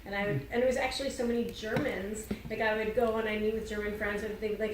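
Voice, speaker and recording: A woman's voice: fairly high pitch, quick pace, few pauses, a crowd in the background. A woman telling stories on a theater panel, chatty, quoting people in dialogue and laughing often. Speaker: playwright on a panel. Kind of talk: casual panel discussion. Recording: roomy, distant mic with noise.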